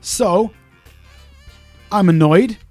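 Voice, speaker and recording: Man, podcast co-host, mellow tone, swears freely while ranting, grumpy, in pain. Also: high-pitched, extremely slow, dry recording, soft background music. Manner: profane ranting storyteller. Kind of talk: casual podcast chat.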